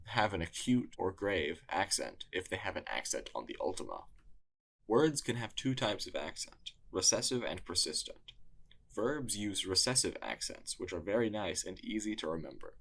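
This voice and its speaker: A man narrating a scripted lesson in a measured, explanatory way. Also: low-pitched, gravelly, a bit bright. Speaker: tutor.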